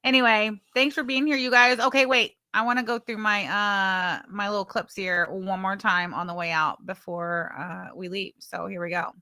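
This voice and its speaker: A woman's voice: mid-range voice, flat delivery, moderate pace, hardly any pauses, bright, forceful tone, smooth, no room sound, studio quality. A woman hosting a livestream, bluntly chatting, swearing and thanking viewers for super chats. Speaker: livestream host. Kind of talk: casual livestream commentary.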